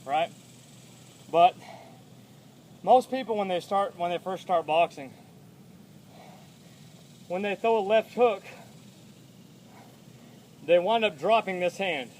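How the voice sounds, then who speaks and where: A man's voice: high voice, takes it slowly, long pauses, darkish tone, a little hiss or hum. A man coaching boxing combos, calling out punch numbers in plain talk while out of breath from throwing shots, recorded outdoors on a phone camera. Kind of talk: instructional demo of combos.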